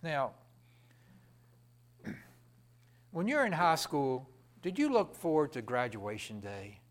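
A middle-aged man, preaching a sermon, swinging from raised, fervent lines to hushed whispers. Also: a little high.

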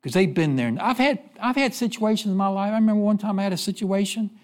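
A man preaching a sermon, telling stories and asking the congregation questions, then dropping low to give the answers. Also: fast talker. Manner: preaching with call-and-response questions and sudden drops to a low voice. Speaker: pastor.

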